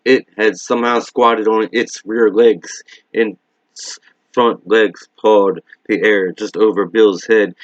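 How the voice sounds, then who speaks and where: A man reading a novel aloud in a steady, measured way, in a dull lo-fi recording. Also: fairly low pitch, no room sound. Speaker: reader.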